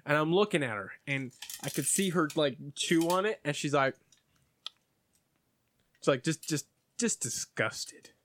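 A man's voice: a little slow, long pauses, a little hiss or hum. A man telling a work story in casual podcast chat, swearing often and mimicking customers. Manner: animated, swears a lot, mimics customers in high voices. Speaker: podcast co-host.

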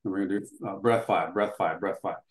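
An older man with a fairly low voice tells a story to an interviewer. He acts out bits of dialogue and leans on fillers as he goes. His voice rings in a noticeably roomy space. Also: steady tone, fast. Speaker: interview guest. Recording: roomy echo.

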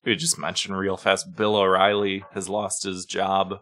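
A man's voice: low voice, flat delivery, a little slow, a bit bright. A man co-hosting a podcast, telling stories animatedly and swearing freely in casual chat. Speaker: podcast co-host.

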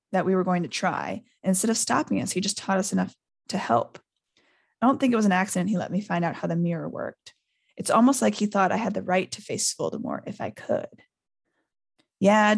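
Woman, gravelly voice, live read-aloud, character voices, chatty laughing asides. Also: medium pitch, fast. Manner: reads with animated character voices, laughs often. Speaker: podcast host reading a book aloud. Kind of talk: live book reading with commentary.

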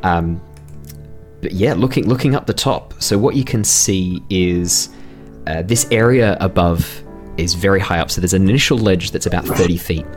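Deep-voiced playful male game master. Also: moderate pace, faint music behind. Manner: laughs often, playful teasing. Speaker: dungeon master. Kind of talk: narrating a tabletop game.

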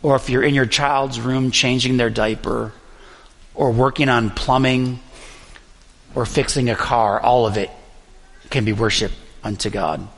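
A fairly young man preaches in a church, his middle-pitched voice gravelly with fry. He tells a personal story earnestly, pausing often. A long reverb from the large hall trails his words. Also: steady tone. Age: young adult. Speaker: pastor. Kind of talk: sermon.

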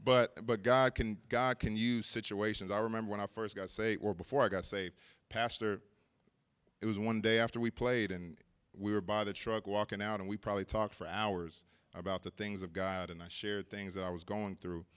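A man's voice: lowish voice, fairly even intonation, moderate pace, fairly bright tone, clear, resonant tone. A man preaching at a church service, telling a personal story in a casual way, laughing often and repeating words as he goes.

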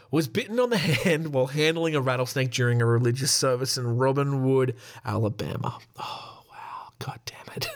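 A man hosting a casual solo podcast, reading out a list while laughing at himself and breaking off to joke. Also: fairly high pitch. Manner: giggly, irreverent, self-interrupting. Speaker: podcast host.

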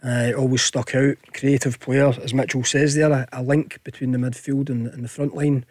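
A male radio pundit talks in an easygoing way, often repeating words while he gathers his thoughts. His voice is of middling pitch. It is recorded close and dry in a studio. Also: level tone, normal speed, no echo. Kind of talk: studio chat. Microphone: studio mic.

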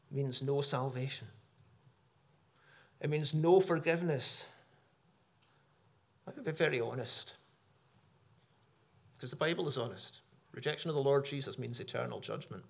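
A middle-aged man preaching a sermon, earnest, rising for emphasis and dropping low for solemn points. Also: gravelly.

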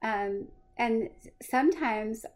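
Woman co-host, kinda high voice, reflective, laughs easily. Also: takes it slowly. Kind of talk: interview conversation.

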